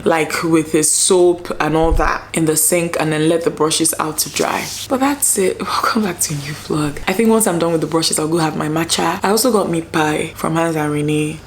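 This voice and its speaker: A woman with a fairly low voice chats casually to her viewers from home. She rambles a little and fills gaps with ums and likes. A faint hum sits behind her. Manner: chatty, rambling, many fillers. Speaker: lifestyle vlogger. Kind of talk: casual vlog chat to camera.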